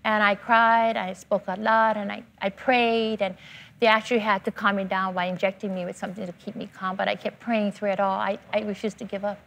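A woman's voice: medium pitch, level tone, a little fast, gravelly, a bit bright. An older woman telling her personal testimony in a church interview, emotional and fervent, repeating herself for emphasis. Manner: fervent, emotional storytelling with repetition. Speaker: church member giving testimony.

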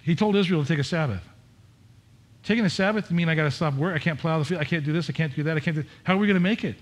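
A man's voice: a little high, fast. Conversational middle-aged male pastor preaching. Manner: candid, conversational preaching with repetitions and restarts. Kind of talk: sermon.

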